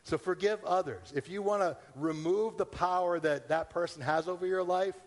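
A man's voice: sits high, moderate pace. Man preaching in a reverberant hall. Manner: conversational preaching with acted-out inner questions. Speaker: pastor. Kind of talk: sermon.

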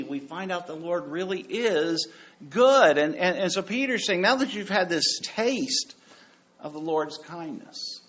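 A man preaching a sermon as pastor, animated and joking, repeating phrases for emphasis. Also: fairly high pitch. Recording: dull lo-fi sound.

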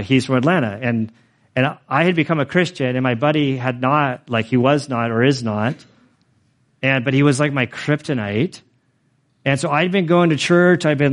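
A man in his forties, a pastor telling his own story in a sermon, earnest and rambling, with many fillers. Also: mid-range voice. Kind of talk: sermon testimony.

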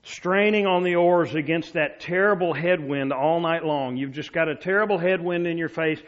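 A male preacher delivering a storytelling sermon, dropping to soft, low tones for quoted words. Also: moderate pace, lo-fi sound.

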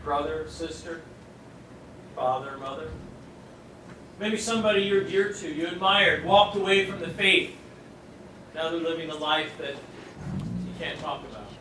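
A man preaching a sermon to a room, swinging from loud emphasis to hushed, near-whispered lines and acting out the voices he quotes. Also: a little high. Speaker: pastor. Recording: echoey hall miked from a distance, audible noise.

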